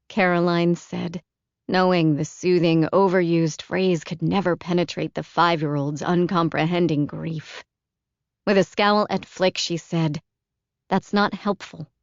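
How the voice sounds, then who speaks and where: Gravelly low-voiced woman narrating a novel. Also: steady tone, a little slow, no echo. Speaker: audiobook narrator. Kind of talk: scripted narration. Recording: dull, dry, lo-fi audiobook recording.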